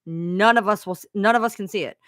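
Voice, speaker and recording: A woman's voice: medium pitch, quick pace, fairly bright tone, no room sound. Chatty lady streamer rambling a story to her viewers, swears a lot, dry close audio. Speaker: live streamer.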